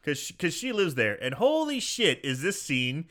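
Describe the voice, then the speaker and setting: A man co-hosting a casual chat, retelling a film scene with animated storytelling, acting out the characters' lines. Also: a little high, moderate pace. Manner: animated storytelling, acting out quoted lines, frequent laughs and swearing. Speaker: podcast co-host recapping a film.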